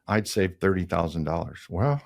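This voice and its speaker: A man's voice: sits low, expressive, normal speed, gravelly. A man in his sixties from the Minneapolis area, a designer guest telling rambling anecdotes in a casual interview. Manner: rambling anecdotes with laughs and mimicked voices.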